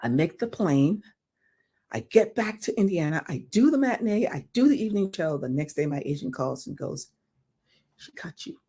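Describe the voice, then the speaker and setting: An older woman with a slightly low voice tells a story as an interview guest. She is animated and swears freely, and she acts out the people in her tale as she goes. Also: normal speed, slightly rough. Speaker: guest actress.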